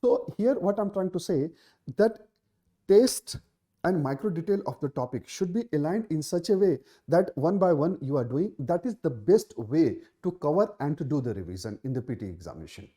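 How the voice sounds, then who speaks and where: Indian English male exam tutor, live Q&A, lively pitch, mellow tone, repeats key points. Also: moderate pace. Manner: emphatic, repeats key phrases, many fillers. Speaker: exam coaching teacher. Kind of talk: live Q&A session answering student questions.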